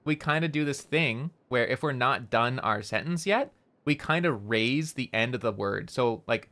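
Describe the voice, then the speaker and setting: A man's voice: mid-range voice, expressive, moderate pace, pushed and bright. A man with a Canadian accent, streaming and chatting casually, with lots of "like" and restarts as he explains how people talk. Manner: chatty, many fillers and restarts, demonstrates intonation. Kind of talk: casual chat while gaming.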